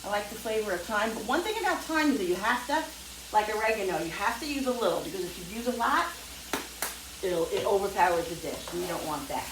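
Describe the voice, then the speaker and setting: A woman's voice: medium pitch, lively intonation, fast. A woman hosting a home cooking video, talking in a rambling, chatty way with frequent self-corrections as she cooks. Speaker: home cooking channel host. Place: home kitchen with sizzling pan. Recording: echoey kitchen, distant mic, frying noise.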